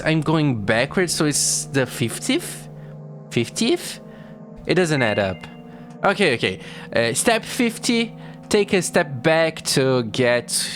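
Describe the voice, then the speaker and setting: A streamer chatting casually and reading a text game aloud with animated reactions. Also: mid-range voice.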